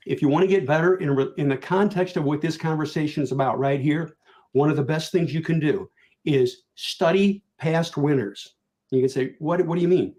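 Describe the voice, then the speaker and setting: Older male panelist, earnest, repeats himself for emphasis, voice sits slightly high, video-call sound. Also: normal speed, darkish tone. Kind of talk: virtual conference panel talk.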